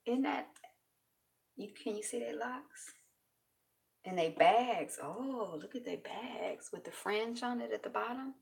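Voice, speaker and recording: A woman's voice: fairly high pitch, expressive, measured pace, vocal fry, long pauses, far from the mic. A woman vlogger chatting casually through news items, rambling and thinking aloud.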